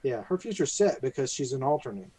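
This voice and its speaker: A young man with a mellow, darker voice talks through ideas in a casual podcast chat, often restarting his sentences. His sound is dry and close, with no room echo. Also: medium pitch, big pitch swings, quick pace, breathy edge. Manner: thinks aloud, restarts often, explains plot. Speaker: podcast co-host.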